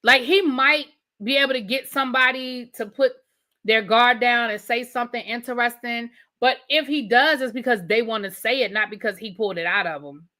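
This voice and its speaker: A woman in talks through her opinions on TV shows for a live audience. Her voice is bright and sits a little high. She rambles and restarts, then circles back to hedge what she thinks. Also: moderate pace. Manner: chatty and opinionated, with frequent restarts and repeated hedges. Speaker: show reviewer and livestream host. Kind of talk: casual livestream commentary.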